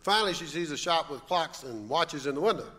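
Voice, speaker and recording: A man's voice: on the high side, animated, brisk, fairly bright tone, in a large hall. A man telling jokes in a matter-of-fact storytelling way on a live radio comedy show.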